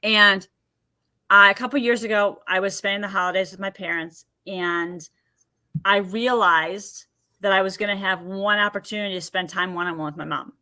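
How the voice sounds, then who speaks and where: A woman's voice: medium pitch, moderate pace. A woman guest on a podcast interview, telling personal stories and acting out what people said. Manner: animated storyteller acting out quotes. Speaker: podcast guest, emotion healer.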